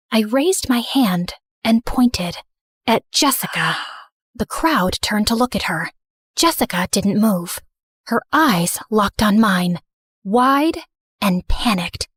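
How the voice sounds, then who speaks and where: A young woman narrating an animated story in first person, earnest and emotional. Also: mid-range voice, no echo, clean studio sound.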